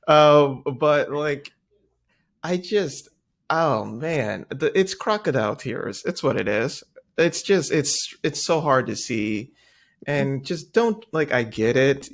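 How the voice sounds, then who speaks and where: A man co-hosting a podcast in casual chat, animated and laughing, slipping into mocking impressions. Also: on the high side, slow, long pauses. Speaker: podcast co-host.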